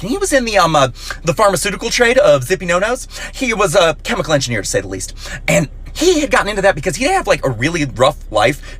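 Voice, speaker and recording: Animated young man telling funny stories. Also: husky. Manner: animated, playful storyteller with sudden high squeaks for quoted voices. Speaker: comedian. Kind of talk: storytelling comedy clips.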